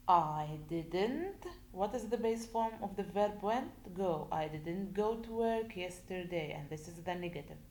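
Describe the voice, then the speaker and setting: A woman teaching a grammar lesson, speaking slowly and deliberately, repeating points and asking rhetorical questions. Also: on the low side, darkish tone. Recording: echoey room with faint noise.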